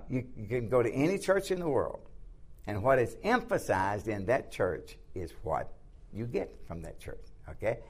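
A man's voice: medium pitch, a little mellow. A man teaching a class on church missions from slides. He uses many fillers and restarts, repeats his points for emphasis and keeps checking in with "okay?". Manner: repetitive, filler-heavy, restarts often. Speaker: missions instructor.

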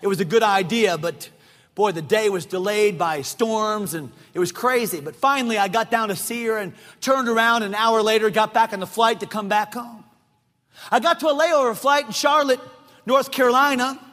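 A middle-aged male pastor preaching a sermon, emphatic, often shouting and repeating phrases for effect. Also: sits high, moderate pace, faint music behind. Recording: long reverb of a large hall.

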